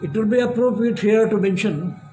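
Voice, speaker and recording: A man giving a lecture as a professor, measured and emphatic, with long pauses. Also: high voice, mellow, soft background music.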